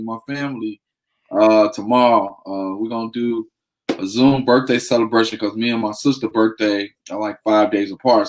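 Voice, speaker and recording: A man's voice: fairly low pitch, a little hiss or hum, low-quality recording. A married man co-hosting a casual talk show, easygoing and laid-back, peppering his talk with slang. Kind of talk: casual chat.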